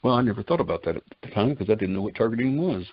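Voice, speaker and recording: A man's voice: fairly low pitch, animated, rapid-fire, dry recording. An older man giving a personal testimony in a folksy way, retelling conversations line by line in quotes. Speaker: testimony speaker. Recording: dull lo-fi dry recording.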